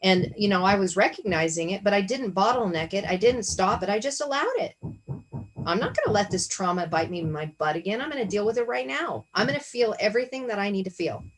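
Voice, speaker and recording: This woman talks fast with lively intonation and a medium-pitched voice, though the audio is poor. Hosting a Bible study discussion on a video call, she offers casual spiritual teaching, earnest and reflective, often questioning herself aloud.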